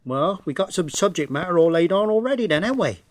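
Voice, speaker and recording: A man's voice: high voice, expressive, fast talker, dry recording. A man voicing a pompous older man with a West Country accent, grandiose and flowery in his talk. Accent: West Country English.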